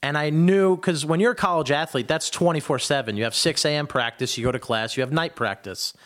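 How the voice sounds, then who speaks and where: A man's voice: a little high, fairly quick, fairly bright tone. A man chatting casually as a comedian guest, easygoing and jokey, explaining things plainly. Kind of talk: casual chat.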